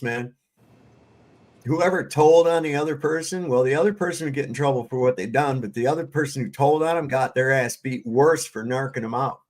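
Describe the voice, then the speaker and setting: A man hosting a casual livestream panel chat, telling stories in a loose, profane way and laughing often. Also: mid-range voice. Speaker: livestream host.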